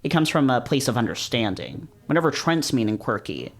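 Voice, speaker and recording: A man reading a visual novel aloud in the first person, breaking off into casual, swearing, laughing commentary. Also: medium pitch. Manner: casual, swears and laughs, quick animated reactions.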